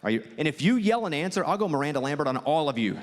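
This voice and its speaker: A man with a Southern US accent doing stand-up storytelling for a theater crowd, animated and jumping high when he acts out quotes. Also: racing, background noise. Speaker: comedian and host. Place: theater stage. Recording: live theater with long reverb and faint ambience.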